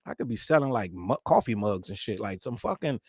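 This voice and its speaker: A male show host in casual commentary, rambling and profane, who laughs mid-sentence and mimics other people in quick quotes. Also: lowish voice, animated, a little mellow, breathy edge, no room sound, clean studio sound. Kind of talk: casual pop-culture commentary.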